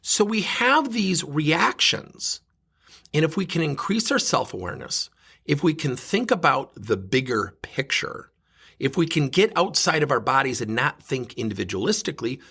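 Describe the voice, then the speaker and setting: A man's voice: fairly high pitch, creaky, sharp tone, breathy edge. A man who is a leadership coach, telling a self-mocking story in a solo podcast monologue.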